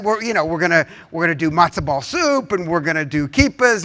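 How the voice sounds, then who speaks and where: Bright high-voiced joking interviewer. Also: male voice, lively intonation, fast talker, hardly any pauses. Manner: joking, teasing. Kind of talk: on-stage conversation. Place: conference main stage.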